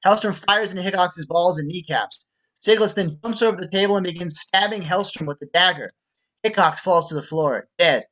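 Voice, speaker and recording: A man reading stage directions aloud in a steady, matter-of-fact way. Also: sits high, lo-fi sound. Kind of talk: script reading narration.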